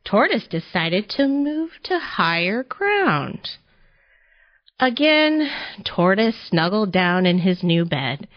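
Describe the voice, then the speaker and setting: A woman reads a children's picture book aloud for a library storytime. She takes her time, and her voice rises and falls gently with the story. The audio sounds a little dull. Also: on the low side. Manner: gentle, expressive and unhurried.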